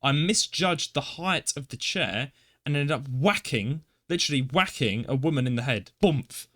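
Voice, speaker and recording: Young man, podcast co-host, casual storytelling, self-deprecating, animated. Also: medium pitch, normal speed. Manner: animated, self-deprecating, acts out his own reactions.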